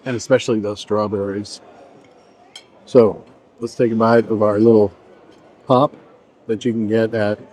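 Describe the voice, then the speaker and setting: A middle-aged man with a lowish, darkish voice and little pitch movement speaks at a measured pace with long pauses. He's vlogging a buffet review indoors, chatting casually and rambling, trailing off mid-sentence between bites.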